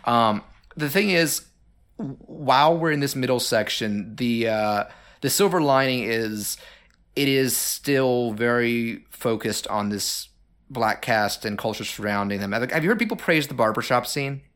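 A man's voice: medium pitch, a little slow, fairly bright tone. Chatty man discussing films. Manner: chatty, many fillers and restarts. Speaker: podcast co-host. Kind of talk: casual film discussion.

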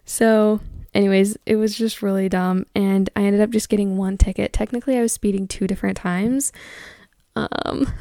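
A woman's voice: medium pitch, fairly even intonation, moderate pace, creaky, dark tone, no echo, clean studio sound. A young woman and mother telling a story to her viewers in a chatty, rambling way, full of likes and ums. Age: young adult. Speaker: vlogger.

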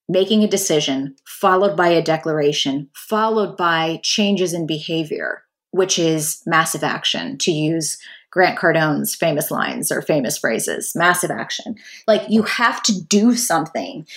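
A middle-aged woman with a lowish voice hosts a podcast, telling a personal story candidly and chattily while speaking directly to her listeners.

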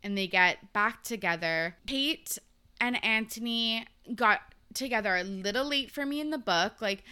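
A woman's voice: medium pitch, lively intonation, moderate pace, sharp tone, smooth. A young woman vlogger chatting casually about a TV season, gushing, swearing freely and filling her talk with "like". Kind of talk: casual chat.

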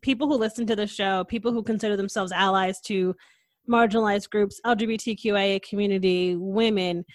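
A woman hosting a casual podcast conversation, talking in an animated, earnest and outspoken way into a close mic. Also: medium pitch, brisk, dry recording. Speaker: podcast host.

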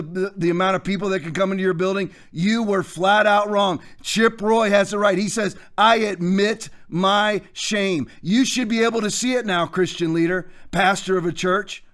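A man hosting a show, preaching commentary in a forceful, hectoring way with repeated phrases. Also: high voice, steady tone, normal speed. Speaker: host.

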